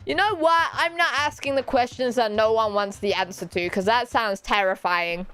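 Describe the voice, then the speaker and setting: A woman's voice: normal speed, a bit bright, clear, resonant tone. A British woman streaming as a VTuber, chatting casually and playfully, laughing and teasing her viewers. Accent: British English. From Britain. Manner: playful, giggly, teasing, often bursting into high squeals. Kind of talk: casual chat.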